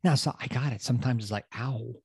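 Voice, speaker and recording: Man, middle-aged coach, mellow dark voice, dry close sound, repeats himself for emphasis. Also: medium pitch, very fast, husky, no room sound. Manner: emphatic, repeats phrases for effect; casual, loose grammar. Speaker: podcast host and coach. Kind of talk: motivational podcast talk.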